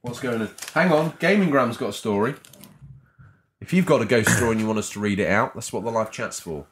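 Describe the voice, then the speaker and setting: A man's voice: medium pitch, quick pace, slight background noise. A man co-hosting a gaming podcast, teasing his co-host and reading out viewer messages in a playful, casual way.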